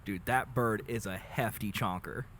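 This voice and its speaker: A young man streaming live, chatting casually and gushing excitedly with frequent laughs. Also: fairly low pitch, unhurried, very noisy. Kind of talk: casual livestream chat.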